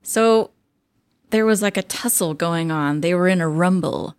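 A woman's voice: fairly low pitch, a little slow, smooth, no echo. Playful woman running a podcast quiz. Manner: playful quiz-master, swooping animated delivery with gasps. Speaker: podcast co-host. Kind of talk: casual chat.

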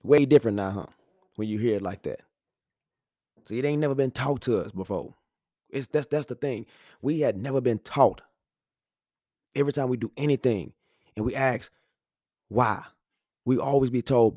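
Man, thirties, lively storyteller on a podcast mic, dry close sound. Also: mid-range voice, moderate pace, pauses often, no echo. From Houston, Texas. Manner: animated storytelling, acts out voices, laughs often. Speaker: podcast talker. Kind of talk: casual monologue. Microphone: studio microphone.

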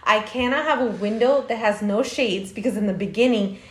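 A woman's voice: fairly high pitch, a little fast. Chatty female co-host, casual and loose, with some swearing, recorded in an echoey room. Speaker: podcast co-host. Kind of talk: casual chat.

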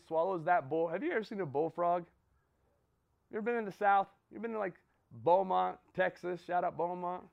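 A man's voice: on the high side, creaky, muffled recording. A man giving a motivational talk to a group, telling a story and checking in with "right?" and "okay?". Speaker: motivational speaker.

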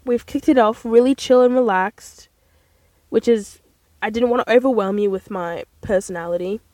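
Young woman, rambling podcast host, higher voice, dry close sound. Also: moderate pace, dry recording. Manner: rambling, chatty, animated exclamations. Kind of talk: casual solo podcast chat. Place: inside a parked car.

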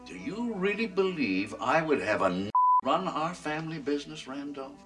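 A man's voice: a little high, big pitch swings, normal speed. An actor playing a stern, dismissive wealthy businessman in a film, speaking curtly and with scorn. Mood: scornful. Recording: distant film audio with loud music.

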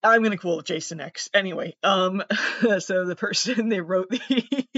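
A man's voice: sits high, measured pace, bright, forceful tone, no echo, dull audio. A man with a nasal voice hosting a solo podcast, talking in a sardonic, exasperated way and swearing often. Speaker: podcast host.

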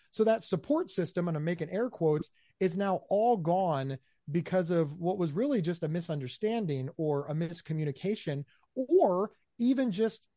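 A man answering interview questions in an animated way, often repeating his words as he talks. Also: a little high, no echo, clean studio sound. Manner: animated, acts out quoted voices, repeats words. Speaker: guest, mental health speaker.

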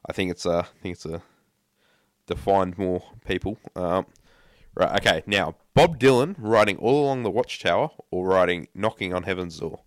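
A man's voice: low voice, animated, normal speed, no echo. A young man co-hosting a casual podcast, often repeating his words as he starts sentences. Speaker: podcast co-host.

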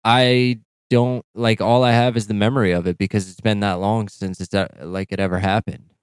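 A man's voice: lowish voice, level tone, moderate pace, smooth, dry recording. A man co-hosting a podcast in a laid-back, profane, casual chat. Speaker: podcast co-host.

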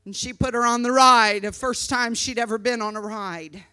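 A woman preaching a sermon, telling a story dramatically and breaking into loud, shouted exhortations. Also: a little high, steady tone, moderate pace, poor audio.

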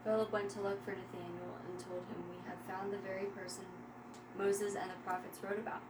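A woman reads a scripture passage aloud to her study group in a steady, even voice. The room sounds echoey, and noise hums behind her. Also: medium pitch, fairly quick. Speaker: Bible study participant reading scripture aloud. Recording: roomy, noisy room recording.

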